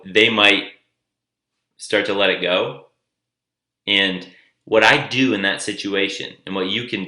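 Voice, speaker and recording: A man talks through relationship advice in a relaxed, chatty way, often acting out the lines he quotes. His voice sits a little low but has a bright edge. The room around him is echoey. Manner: loose and conversational, acts out quoted lines. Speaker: dating advice coach. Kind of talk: casual advice monologue.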